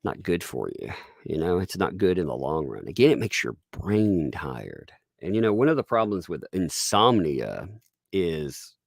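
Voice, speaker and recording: A man's voice: sits low, very animated, measured pace, vocal fry, no room sound, clean studio sound. A man with a Southern US accent, chatting casually on a live stream, rambling with restarts and frequent chuckles as he reads viewer tips.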